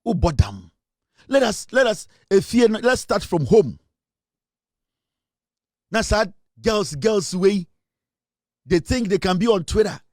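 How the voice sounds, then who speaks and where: A man's voice: high-pitched, takes it slowly, long pauses, no echo, studio quality. A man with a Ghanaian accent hosting an impassioned commentary show, preaching and repeating lines for emphasis. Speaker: show host. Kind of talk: impassioned commentary mixing English and Twi.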